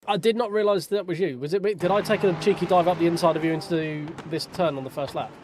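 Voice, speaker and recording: A man's voice: on the high side, quick pace, background noise. A man streaming sim racing, chatting casually with viewers over race replays in a joking, sweary way. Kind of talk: casual live-stream chat while reviewing race replays.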